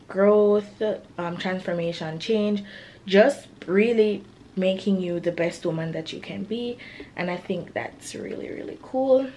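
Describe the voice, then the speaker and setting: A woman's voice: mid-range voice, darkish tone, slight background noise. A young woman, a college student, chatting casually to camera in a vlog, full of "like" and a little self-conscious. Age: young adult. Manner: chatty, peppered with "like".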